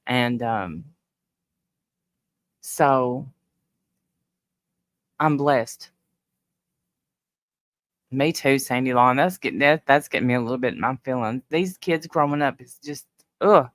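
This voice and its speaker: A middle-aged woman hosting a casual livestream, getting teary and emotional as she talks warmly with her viewers. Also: rumbling low, slow, pauses often, no echo. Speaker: livestream host.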